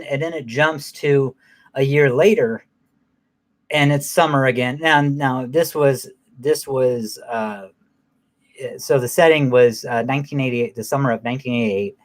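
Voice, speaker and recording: A man giving a casual, profanity-heavy movie recap in a rambling way, with many fillers and restarts. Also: medium pitch. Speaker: movie reviewer.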